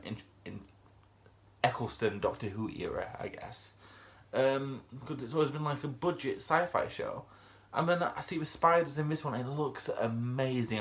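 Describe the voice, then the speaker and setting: A man's voice: mid-range voice, fairly bright tone. A man giving a casual, unscripted review of a TV episode, chatty and rambling, with lots of fillers and restarts.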